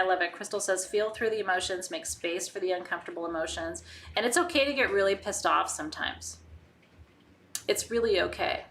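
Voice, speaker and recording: A woman with a bright, clear voice at an ordinary pitch, teaching in a loose, candid live-stream way. She keeps asking rhetorical questions, tags "right?" onto her points and now and then swears. Faint noise sits under her voice. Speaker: spiritual teacher hosting a live online ritual. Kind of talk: casual live-stream teaching, reading viewer comments.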